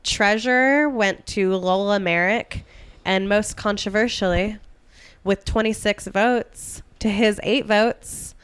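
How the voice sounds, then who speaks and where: A woman's voice: mid-range voice, slow pace, clean tone, no room sound. A young adult woman co-hosting a comedy history podcast, telling the story casually with jokes and asides. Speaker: podcast co-host.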